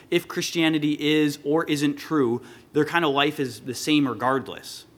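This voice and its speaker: A man preaching an earnest sermon, rising with emphasis when he quotes scripture. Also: fairly high pitch. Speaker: pastor.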